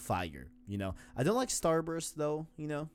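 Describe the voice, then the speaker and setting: A man's voice: fairly high pitch, big pitch swings, normal speed. A man in his twenties with a New York accent, hosting a podcast in a rambling, slangy, casual way. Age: 20s. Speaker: podcast host. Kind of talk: casual chat.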